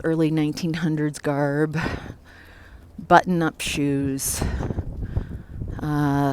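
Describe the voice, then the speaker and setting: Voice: medium pitch, slight background noise. A psychic medium casually telling a first-person ghost story, reflective and loose, with filler words.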